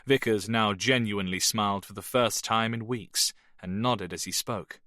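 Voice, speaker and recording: A man reading a thriller audiobook in measured, even narration. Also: fairly low pitch, dry recording, studio quality. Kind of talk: scripted narration.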